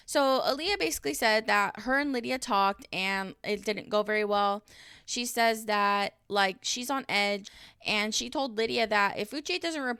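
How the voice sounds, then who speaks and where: A woman's voice: medium pitch, bright, forceful tone, clean tone, no room sound, clean studio sound. A woman in her thirties recapping a reality show in a casual vlog, blunt and exasperated, swearing freely. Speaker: reaction vlogger. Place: dim room at home.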